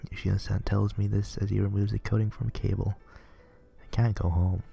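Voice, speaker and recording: A man reads a visual novel aloud, earnest and plain, stumbling now and then. His voice is very low, dark and creaky. Faint music plays underneath. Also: monotone, brisk. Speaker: reader playing a visual novel.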